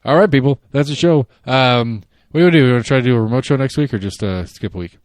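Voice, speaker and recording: A man's voice: medium pitch, rapid-fire, no echo, clean studio sound. A man co-hosting a casual podcast chat, loose and joking as he wraps up the show. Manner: loose, joking, rambling sign-off. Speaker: podcast co-host.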